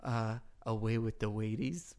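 A man doing an improvised comedy impression of a brash, boastful wrestling referee, crude and cocky, breaking into loud sung cries. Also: on the low side, measured pace, voice pushed down, lightly acted. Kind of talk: comedy podcast improv bit.

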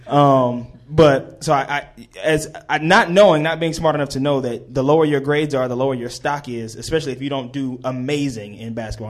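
A man in his twenties telling a comedic story on stage, rambling and correcting himself with chuckles. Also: mid-range voice.

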